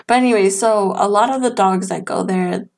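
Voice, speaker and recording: A young woman co-hosts a laid-back podcast, telling long stories in a chatty way. Her voice sits at a middling pitch, and her talk is packed with fillers. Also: normal speed, darkish tone. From another country. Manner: chatty, storytelling, lots of fillers. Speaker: podcast co-host. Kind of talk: casual chat.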